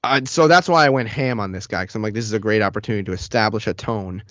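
A man co-hosting a podcast, telling a workplace story in a casual, animated way and swearing freely. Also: fairly low pitch, quick pace, no room sound. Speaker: podcast co-host. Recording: dull, lo-fi, dry sound.

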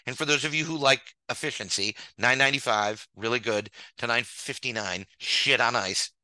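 A man's voice: medium pitch, normal speed, pushed and bright, dry recording, poor audio. A man streaming a comedic angry rant, exasperated and sarcastic, swearing and hammering words through repetition. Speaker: streamer ranting about a baseball sim game.

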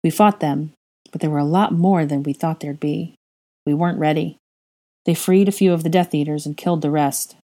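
A woman voicing a grief-stricken young husband who speaks in a flat, halting monotone. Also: deep voice. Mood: numb.

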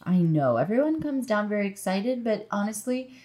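A woman's voice: medium pitch, sing-song, normal speed, dark tone. A woman co-hosting a casual chat, recapping a movie with wry asides. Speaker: podcast co-host.

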